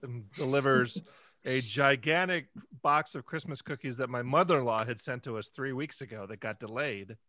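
A man co-hosts a comedy podcast and tells a story with a laughing, self-deprecating manner. His voice sits at an average pitch, and the recording is dry and close with no room sound. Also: normal speed, sharp tone, no room sound. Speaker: podcast co-host. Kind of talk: casual comedy podcast chat.

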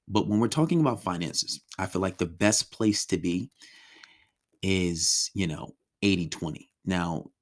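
A man teaching a relationship course in a loose, conversational way, often acting out his clients' complaints. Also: sits low. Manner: loose and conversational, many ums and restarts, acts out clients' complaints. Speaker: relationship coach. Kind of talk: casual spoken lesson.

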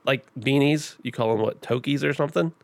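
A man co-hosting a casual podcast, easygoing and quick to laugh, chiming in with short remarks. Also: mid-range voice, creaky, no echo. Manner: easygoing, laughs often, chimes in briefly. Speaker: podcast co-host. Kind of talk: casual chat.

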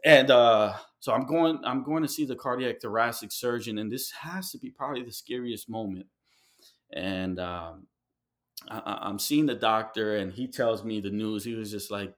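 A man from New York City, a guest in an interview, telling a personal story in a heartfelt, halting way with many fillers and restarts. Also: lowish voice, a bit bright. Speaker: guest artist.

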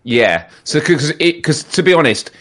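A man with a higher, fairly bright voice co-hosts a live gaming podcast, chatting casually at a moderate pace and in an animated way. He tends to hesitate, restarts often, and asks clarifying questions.

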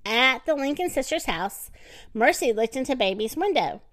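A woman reading a children's storybook aloud, expressive and deliberate. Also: sits high. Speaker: narrator.

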